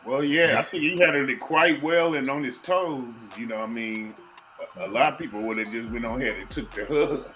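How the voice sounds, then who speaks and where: Bright-voiced laid-back male co-host. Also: mid-range voice, a little fast, soft background music, low-quality recording. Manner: laid-back, laughing easily. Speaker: podcast co-host. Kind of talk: casual podcast chat.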